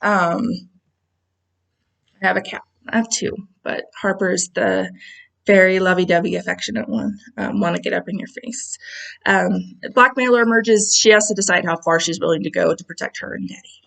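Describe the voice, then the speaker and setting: A woman's voice: lowish voice, steady tone, moderate pace, creaky, a bit bright, rough recording. A woman casually presenting her novels from home in a video call, chatty and full of ums and asides. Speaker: author presenting her books. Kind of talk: casual talk about her books.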